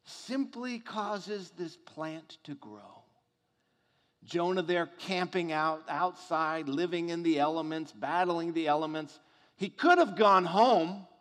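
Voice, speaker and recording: A pastor delivers a sermon in a high voice, pacing his words slowly and deliberately. He tells the story with rhetorical questions and builds to emphatic points. A long reverb from the church hall trails behind him. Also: animated, fairly bright tone.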